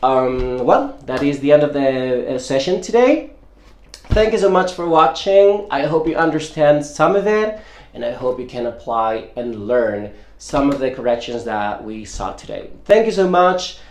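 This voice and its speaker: A man's voice: mid-range voice, lively intonation, a little mellow. Man teaching English, saying "okay?" a lot. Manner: explains slowly, repeats "okay?" after each point. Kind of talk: casual video lesson. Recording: echoey room.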